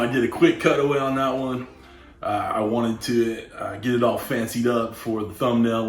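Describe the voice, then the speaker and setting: A man hosting a casual cooking demo, easygoing and chatty, saying "all right" often while he grills. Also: medium pitch. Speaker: cooking channel host. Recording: roomy echo.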